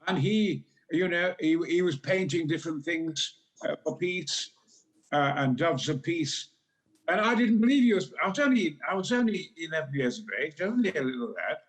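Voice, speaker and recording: A man in his eighties with a Yorkshire accent, telling bawdy anecdotes in a booming, dramatic, theatrical style as a talk show guest. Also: lively intonation, normal speed. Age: 80s. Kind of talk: theatrical storytelling.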